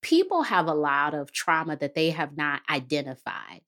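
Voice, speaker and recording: A woman, a guest therapist and author, explaining family conflict in a measured, advice-giving way on a podcast. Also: low voice, sing-song, fairly bright tone.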